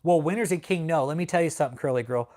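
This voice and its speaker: A man's voice: a little high, very fast, a little mellow. A man hosting a livestream, talking in a brash, profane, casual rant and laughing often. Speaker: livestream host.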